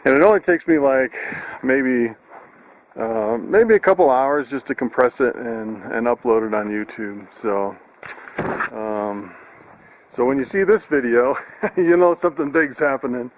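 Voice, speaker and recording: A man's voice: medium pitch, measured pace, slight background noise. A man talking casually to his camera on his farm, chatty, laughing often, with plenty of fillers and restarts. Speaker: farm vlogger. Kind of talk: casual vlog narration. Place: outdoors on a farm.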